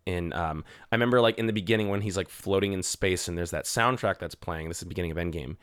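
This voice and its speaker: Man, bright voice, excited casual podcast chat, swearing. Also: low-pitched, fast talker, clear, resonant tone. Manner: excited, swearing, acts out scenes with yells. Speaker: podcast co-host. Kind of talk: casual movie-review chat.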